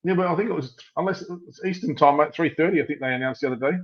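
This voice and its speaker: Australian male co-host, fast and matey, slightly high voice, muffled call-line sound. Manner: quick, apologetic, says "mate" a lot. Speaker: podcast co-host. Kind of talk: casual live-stream chat. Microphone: remote video call. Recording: muffled video call audio.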